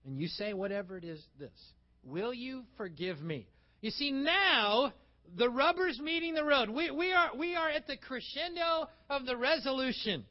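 Male pastor, high-pitched and animated, preaching a sermon on a dull, muffled recording. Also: moderate pace. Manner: animated preaching, acting out little dialogues.

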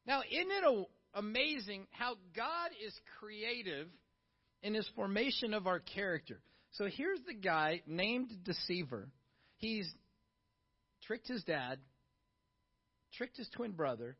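A middle-aged pastor with a high voice preaches a sermon in an easy, conversational way. He keeps asking the congregation questions and swings between quiet asides and lively bursts. The sound is a little dull and lo-fi. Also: takes it slowly, husky.

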